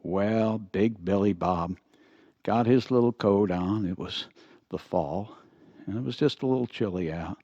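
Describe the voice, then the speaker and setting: An older man telling a folksy story in an easygoing, unhurried way. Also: fairly low pitch, dark tone, dry recording. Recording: dull, lo-fi dry recording.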